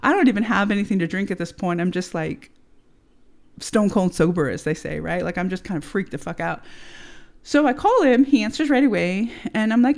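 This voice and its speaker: As a guest on a podcast, this American woman in her thirties recounts her own story candidly, swearing and peppering it with fillers and "right?". She speaks at a moderate pace in a very animated, mid-range voice with a darkish tone.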